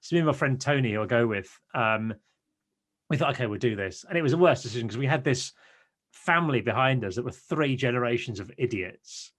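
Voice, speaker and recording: A man in his thirties, a podcast guest, telling stories in an animated, ranting way. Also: medium pitch, fairly quick. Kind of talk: casual chat.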